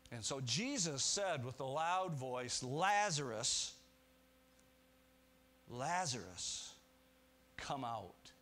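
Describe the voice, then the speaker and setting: A man's voice: very animated, slow pace. Earnest preaching pastor, man. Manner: earnest preaching, swings between quiet low musing and raised emphatic lines; restarts and rhetorical questions to the congregation. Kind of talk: sermon.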